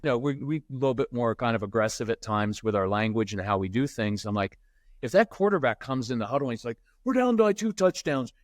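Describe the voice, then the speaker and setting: Animated male storyteller, dry sound. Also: medium pitch, dry recording. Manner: animated storyteller who acts out quotes. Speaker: podcast guest, parenting expert. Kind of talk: conversational interview, storytelling.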